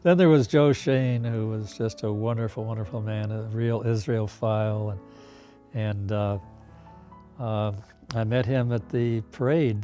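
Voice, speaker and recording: An older man telling stories in a documentary interview, unhurried, with fillers and soft laughs. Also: lowish voice.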